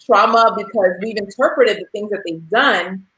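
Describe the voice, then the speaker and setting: A woman in her thirties shares parenting stories in a candid, conversational way, often acting out what was said. Her pitch sits in an ordinary middle range. The recording carries a noticeable roomy echo. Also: normal speed, fairly bright tone. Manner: candid, storytelling with quoted dialogue. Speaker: parent sharing experience. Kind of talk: casual discussion.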